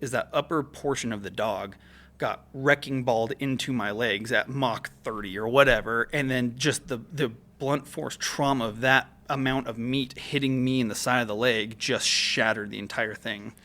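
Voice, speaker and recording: A man's voice: mid-range voice, moderate pace, bright, forceful tone. A man guest on a podcast, telling a story in a casual, profane way full of fillers. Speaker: guest, military veteran. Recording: podcast studio mic.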